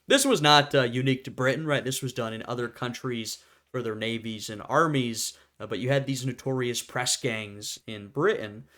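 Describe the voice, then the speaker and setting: A man's voice: medium pitch, normal speed, fairly bright tone. A man hosting a history reaction video, talking casually and laughing often as he acts out short quotes.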